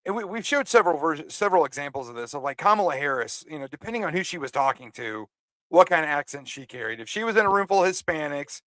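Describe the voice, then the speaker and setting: Male co-host, fairly high voice, stop-start chatty delivery, dry close mic. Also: lively intonation, fairly bright tone, dry recording. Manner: halting, repeats words. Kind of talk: casual podcast commentary.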